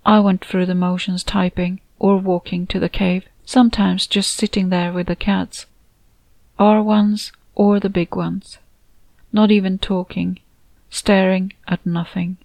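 Gravelly-voiced woman narrating a story. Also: medium pitch, flat delivery, unhurried, a little mellow, dry recording. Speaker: author and narrator. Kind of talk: audiobook narration.

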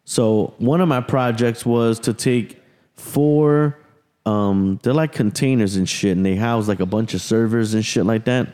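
A man's voice: lowish voice, a little slow, warm tone. Profane man telling a story in an echoing space. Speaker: podcast host. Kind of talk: casual storytelling. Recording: long hall reverb.

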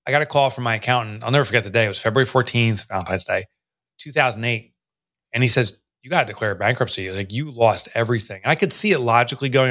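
A middle-aged American man in conversation, telling his own story with energy. He slips into the voices of people he quotes as he goes, and his pitch sits in an ordinary middle range. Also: a bit bright. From United States. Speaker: guest, business author.

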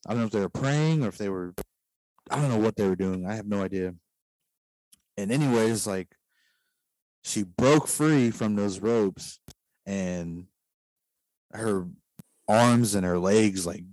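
Low-voiced man telling a rambling story. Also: a little mellow, dry recording, rough recording. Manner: rambling, heavy use of "like" fillers. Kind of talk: casual storytelling.

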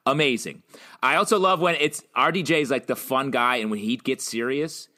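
A man's voice: mid-range voice, moderate pace, bright, forceful tone. A man co-hosting a casual movie podcast, talking emotionally and laughing often. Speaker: podcast co-host.

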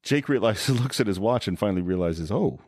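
A man's voice: fairly low pitch, lively intonation, a little fast, a little mellow, slightly rough, dry recording, clean studio sound. A man co-hosting a podcast, casually retelling film scenes and acting out the quotes. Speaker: podcast co-host.

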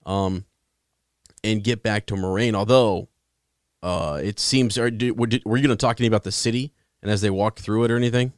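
Low-voiced man rambling about a book. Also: fairly even intonation, brisk, dry recording, studio quality. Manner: rambling, lots of restarts and fillers. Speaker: book discussion co-host. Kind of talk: casual chat.

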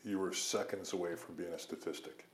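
A man's voice: sits low, steady tone, brisk, reverberant, slight background noise. A man co-hosting a podcast, reacting to a story with short, blunt comments. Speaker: podcast co-host. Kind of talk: casual chat.

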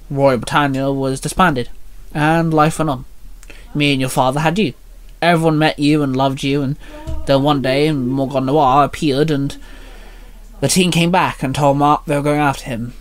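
A man voicing a middle-aged mother calmly explaining a loss, steady and supportive. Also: a little high, normal speed, close to an everyday voice.

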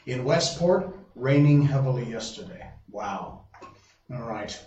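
A man's voice: mid-range voice, animated, unhurried, dark tone. A man hosting a live stream in casual chat, rambling, restarting his sentences and reading viewer comments aloud. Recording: roomy, distant, dull lo-fi sound with faint noise.

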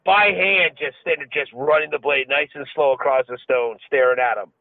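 A man's voice: fairly high pitch, normal speed, no room sound. Laughing, profane man on a tinny line. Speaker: podcast co-host. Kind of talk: casual podcast chat. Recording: dry, phone-like lo-fi sound.

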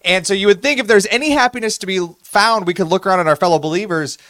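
A man with a fairly high voice co-hosts a casual faith podcast. He talks playfully and builds each point by repeating his phrases, like a sermon in conversation. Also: fast, fairly bright tone. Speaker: podcast co-host.

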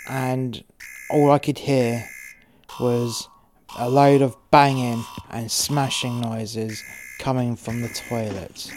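A man's voice: mid-range voice, noisy background. A man narrating a first-person crime story, swearing freely with rambling, wry asides.

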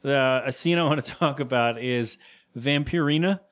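A man with a medium-pitched, fairly bright voice co-hosts a podcast, casually recapping a cartoon episode. He rambles a bit and briefly acts out the characters' lines in quick voices.

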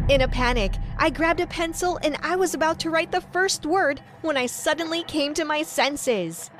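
High-voiced woman, dramatic first-person storyteller. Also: moderate pace, soft background music. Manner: expressive, dramatic. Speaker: narrator.

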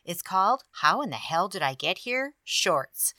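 Woman podcast host, low voice, dry close sound, animated storyteller. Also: a little slow, no room sound. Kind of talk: casual storytelling.

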